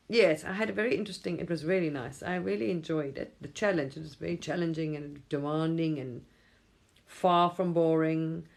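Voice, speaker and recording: A woman's voice: low voice, moderate pace, creaky, a little mellow. A middle-aged woman from England hosting a casual late-night livestream on her phone, rambling and chuckling often. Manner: rambling, chuckles often, mimics voices in quotes. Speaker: livestream host.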